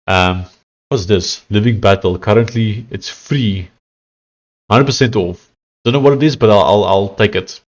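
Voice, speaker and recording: A young man talks casually through a live coding stream, voice sitting a little low. He thinks out loud, trails off mid-sentence and fills the gaps with "um" and "uh" as he reads the chat. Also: measured pace. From South Africa. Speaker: live-streaming software developer.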